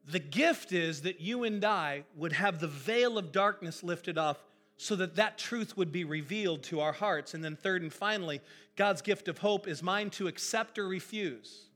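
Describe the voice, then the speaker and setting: A male pastor preaching a sermon in an animated, emphatic, conversational way. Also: high-pitched, moderate pace, faint music behind.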